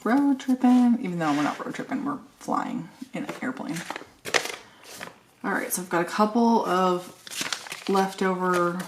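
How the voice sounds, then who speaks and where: A woman's voice: lowish voice, normal speed, pauses often, background noise. A woman chatting casually and thinking aloud while decorating a planner, joking at her own expense. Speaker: planner vlogger.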